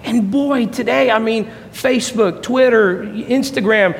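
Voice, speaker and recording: A man preaching a sermon as a pastor, impassioned, swinging between soft reflective passages and loud rising peaks. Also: very high voice, a little slow, gravelly, hardly any pauses. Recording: long hall reverb, faint ambience.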